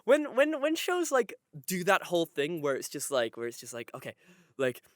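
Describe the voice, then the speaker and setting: A young man co-hosting a podcast in casual chat, ranting excitably with lots of swearing. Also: high voice, normal speed, dry recording, clean studio sound. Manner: excitable rants, heavy swearing. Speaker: podcast co-host.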